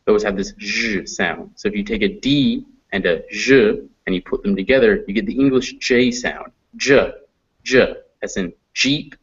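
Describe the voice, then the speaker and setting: An American man teaching phonetics in a classroom lecture, slowly drawing out example sounds. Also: lowish voice, slightly rough. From United States. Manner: slow, drawn-out demonstration of sounds. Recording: dull lo-fi classroom recording.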